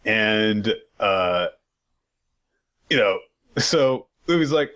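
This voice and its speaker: A man's voice: lowish voice, unhurried, a bit bright. A man co-hosting a podcast, recapping in loose, rambling casual chat with lots of fillers and joking profanity. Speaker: podcast co-host.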